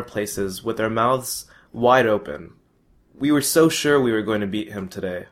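A man's voice: on the low side, animated, measured pace. A young man reading his own first-person story aloud in a plain, matter-of-fact way.

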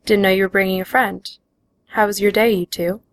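A prim, controlling middle-aged father, as a woman reading a memoir puts him on. He stays polite but will not let the subject drop. His speech is level and creaky. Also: mid-range voice, little pitch movement, brisk, dry recording, natural voice. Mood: insistent.

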